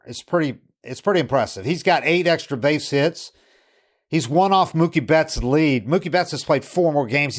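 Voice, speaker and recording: A man hosts a baseball podcast in a loose, conversational way. His voice sits in the middle of the range for a man. He often restarts his sentences and mixes in quotes from players. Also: mid-range voice. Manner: rambling, with frequent restarts and quoted asides. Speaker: podcast host. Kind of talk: casual sports talk.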